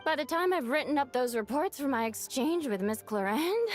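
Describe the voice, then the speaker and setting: Game role, proud young noblewoman knight, tipsy and giggly; high, lively, slow. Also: faint music behind. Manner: giggly, drawn-out tipsy delivery. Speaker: game character. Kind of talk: video game voice acting.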